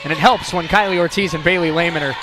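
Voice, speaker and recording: A man calling a basketball game play-by-play, shouting excitedly and a little out of breath. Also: fairly high pitch, quick pace. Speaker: play-by-play announcer. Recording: broadcast with loud crowd and music behind. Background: crowd noise and music.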